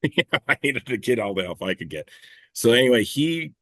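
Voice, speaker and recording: A man's voice: medium pitch, sing-song, a little fast, a bit bright, dry recording. A man in a casual interview, telling stories in a rambling, self-correcting way, swearing freely and laughing at himself. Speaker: clay shooting competitor and coach, guest.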